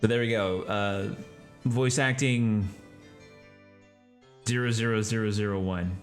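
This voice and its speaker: A man's voice: fairly low pitch, steady tone, a little slow, long pauses, soft background music. A man from Texas, a streamer and voice actor, chatting casually about voice acting and answering his viewers in a rambling way. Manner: rambling, explains while talking to chat.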